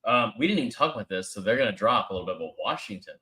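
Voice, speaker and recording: A man's voice: fairly low pitch, animated, rapid-fire, bright, forceful tone. A man co-hosting a sports podcast, chatting casually and reacting loosely. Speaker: podcast co-host. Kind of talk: casual chat.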